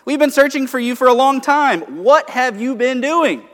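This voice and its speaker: A man's voice: high-pitched, rapid-fire, a bit bright, big-room sound, voice pushed up. A man voicing a worried, exasperated mother scolding her lost son with pleading questions.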